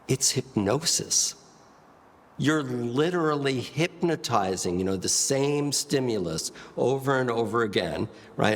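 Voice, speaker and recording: A man teaching public speaking, emphatic and asking rhetorical questions, shifting his loudness and pace to demonstrate. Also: mid-range voice, big-room sound. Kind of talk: spoken lesson with live demonstrations.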